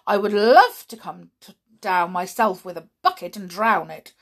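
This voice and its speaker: A woman's voice: mid-range voice, sing-song, moderate pace, a bit bright. A woman reading aloud, voicing a cruel, spiteful female school matron with a sneering manner. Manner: sneering, gleeful about cruelty.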